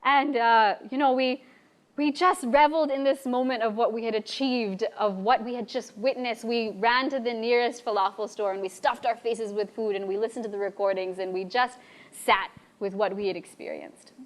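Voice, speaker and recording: Lively young woman telling a stage story. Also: on the high side, normal speed. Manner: lively, animated, acts out quoted voices. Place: bar stage before an audience.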